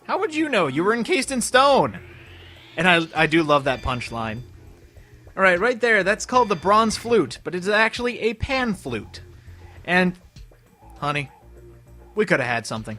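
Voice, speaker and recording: Animated young-sounding man narrating gameplay. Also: sits high, moderate pace. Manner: animated, with loud playful outbursts. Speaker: let's play host. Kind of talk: casual gameplay commentary. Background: game music.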